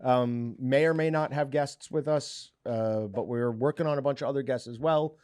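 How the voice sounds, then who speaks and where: A man's voice: mid-range voice, moderate pace, darkish tone, smooth, dry recording, clean studio sound. A man hosting a casual podcast, joking and laughing with his co-hosts. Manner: joking, laughs often, wraps up the show. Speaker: podcast host.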